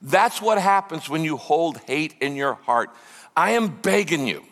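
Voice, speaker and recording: Higher-voiced preaching pastor in a reverberant hall. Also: male voice, a little slow. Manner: lively preaching, acts out quoted voices. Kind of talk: sermon.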